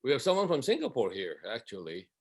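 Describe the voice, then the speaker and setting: A man co-hosting a casual video-call interview, speaking haltingly and restarting his phrases. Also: medium pitch, wildly swooping pitch, over a noisy crowd. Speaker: co-host, interviewer.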